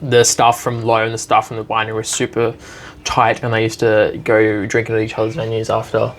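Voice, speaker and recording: Man, podcast host, monotone delivery, casual rambling questions, faint hiss. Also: lowish voice, fairly quick. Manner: rambling, loosely phrased questions. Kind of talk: casual interview chat.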